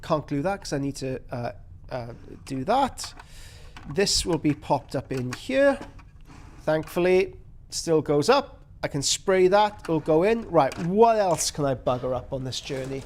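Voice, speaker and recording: Building miniatures live on stream, this man keeps up a rambling, self-mocking patter and mutters while he works. He sounds very animated yet unhurried, with a voice on the higher side.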